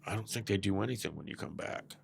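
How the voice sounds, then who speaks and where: Quick and creaky, with a husky, fairly low voice, an older Southern California man tells rambling stories as a podcast guest, constantly saying "man." He used to be president of a biker club, and the talk is a casual storytelling interview.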